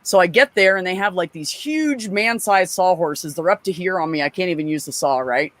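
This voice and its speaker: A woman telling profane, animated stories in a casual chat as a guest. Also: on the low side, fairly quick, dry recording.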